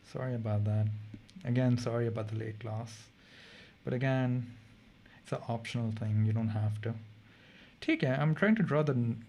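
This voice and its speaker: A man's voice: mid-range voice, gravelly, dark tone, slight background noise. A man teaching a late-night online chemistry revision class. He talks casually and keeps checking in with his students. He sounds tired. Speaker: chemistry tutor.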